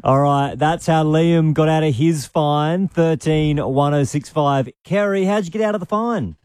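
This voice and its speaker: A man's voice: a little high, unhurried, a little mellow, no room sound, studio quality. A man hosting a radio show, upbeat and teasing as he runs call-ins. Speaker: radio host. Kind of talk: casual breakfast radio banter.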